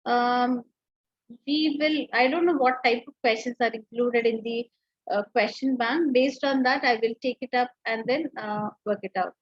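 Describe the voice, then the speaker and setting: A woman's voice: fairly high pitch, normal speed, no echo, highs cut off. A woman teacher giving an online lecture, explaining step by step with frequent fillers and restarts.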